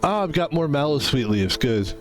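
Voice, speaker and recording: A man's voice: a little high, big pitch swings, normal speed, soft background music. Rambling, profane man playing a game. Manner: rambling, profane, joking asides. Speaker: gaming YouTuber. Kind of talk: casual let's-play commentary.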